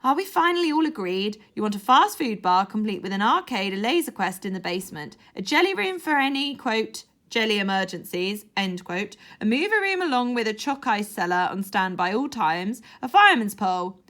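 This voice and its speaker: A man's voice: high voice, very animated, moderate pace, few pauses, bright, forceful tone, heavily acted. A woman voicing a formal, harried male government aide who speaks politely and properly.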